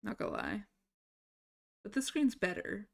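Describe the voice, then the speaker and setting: A woman's voice: medium pitch, huge pitch swings, a little slow, vocal fry. Chatty, scatterbrained woman streamer. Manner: chatty, scattered, swears casually. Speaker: livestreamer. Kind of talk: casual live-stream chat.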